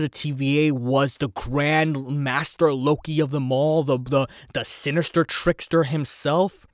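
A man hosting his own solo podcast, rambling and animated as he thinks aloud about a show. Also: a little high, measured pace, few pauses, no echo, clean studio sound. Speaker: podcast host. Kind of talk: casual solo podcast commentary.

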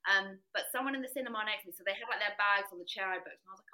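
Woman, Southern English accent, podcast guest, chatty, animated storyteller, bright clear voice. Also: mid-range voice, racing, few pauses, low-quality recording. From England. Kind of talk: casual chat.

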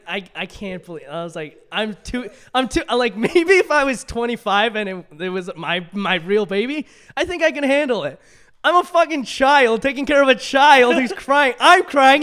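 A young man co-hosting a casual podcast chat, an animated storyteller who laughs often. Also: sits high, clean tone. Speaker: podcast co-host.

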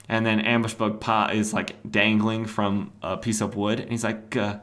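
A man's voice: lowish voice, fairly even intonation, normal speed, fairly bright tone. A man hosting a podcast, casually recapping a comic book in a loose, chatty way with fillers, sometimes reading lines in playful voices. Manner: reads comic dialogue aloud in playful put-on voices. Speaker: podcast host.

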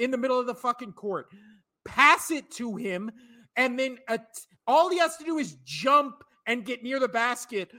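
A man in his thirties or forties co-hosts a sports podcast, ranting with profane, exasperated outbursts. His voice is very high-pitched, pushed and bright.

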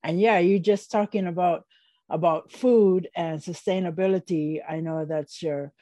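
An older woman hosting a casual interview podcast who encourages her guest with quick, affirming responses. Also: lowish voice, steady tone, mellow, no echo. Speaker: podcast host.

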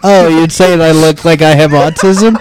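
A man's voice: fairly high pitch, fairly even intonation, normal speed, background noise. A young man from Colorado, co-hosting a podcast in crude, teasing casual banter. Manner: swearing, laughing, teasing. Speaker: podcast co-host.

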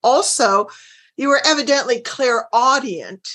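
A woman's voice: fairly high pitch, animated, measured pace, bright, forceful tone. A woman hosting a casual interview, affirming her guest and drawing her out with questions. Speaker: host.

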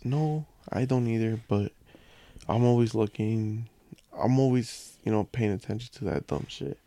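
A man's voice: lowish voice, a little slow, creaky, dark tone. A young man from a Mexican family, a podcast guest telling rambling, profane anecdotes in casual chat.

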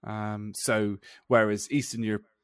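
A man's voice: lowish voice, flat delivery, moderate pace, clean tone, dry recording, clean studio sound. A man co-hosting a podcast, chatting casually and rambling with restarts and laughs. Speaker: podcast co-host. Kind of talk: casual chat.

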